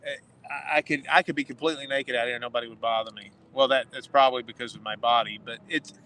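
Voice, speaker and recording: A man's voice: medium pitch, fast, low-quality recording. Joking man calling in from outside. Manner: joking, animated storyteller. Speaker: podcast co-host. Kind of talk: casual chat. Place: outdoors in a city alley at night.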